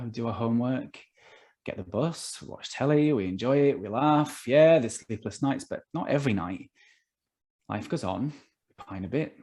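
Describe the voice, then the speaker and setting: A man with a Northern English accent reading his own novel aloud, voicing a calm, quiet, reflective gay man in a slow, soft manner. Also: medium pitch, lightly acted.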